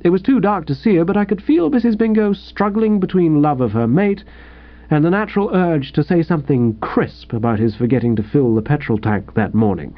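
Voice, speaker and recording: Animated male comic storyteller. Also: on the high side, brisk. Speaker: audiobook narrator. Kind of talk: scripted comic narration. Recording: dull lo-fi recording.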